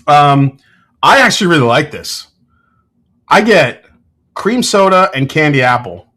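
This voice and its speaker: A man's voice: fairly high pitch, sing-song, a little slow, bright, forceful tone. A man hosting a casual whiskey livestream, giving tasting notes, joking with chat and swearing freely.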